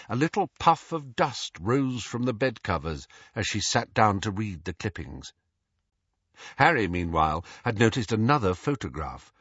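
A man narrating an audiobook with expressive, varied storytelling. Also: fairly low pitch, moderate pace, slightly rough, no echo. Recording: dull lo-fi dry audio.

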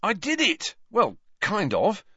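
A man's voice: mid-range voice, sing-song, normal speed, a bit bright, no echo. A man voicing a cheeky, boastful teenage boy in an audiobook reading. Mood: excited. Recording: dull dry audiobook recording.

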